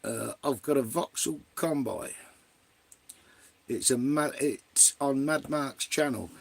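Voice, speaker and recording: A man's voice: mid-range voice, takes it slowly, creaky. A man hosting a live stream in casual chat, greeting viewers by name and swearing freely.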